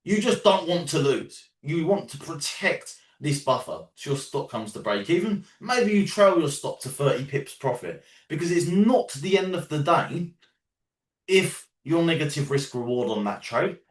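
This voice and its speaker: A man with a London accent runs a casual trading lesson, his voice pitched a little high and swinging widely as he drives each point home. He keeps checking in with "yeah?" and "right?" and swears in passing. He sits back from the microphone in a roomy, echoing space. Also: expressive, normal speed, recorded from a distance. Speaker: trading coach. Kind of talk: teaching a live group call.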